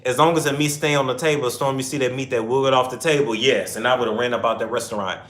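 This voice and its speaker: A man's voice: medium pitch, fairly even intonation, fast, a bit bright. A young man hosting a casual livestream chat, reading viewer comments aloud and answering in rambling asides. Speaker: host. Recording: echoey room.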